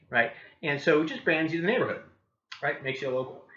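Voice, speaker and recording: Upbeat man coaching, bright and roomy. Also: medium pitch, expressive, quick pace, muffled recording. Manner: upbeat, keeps asking "right?". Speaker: real estate coach. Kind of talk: training talk with role-played doorstep scripts.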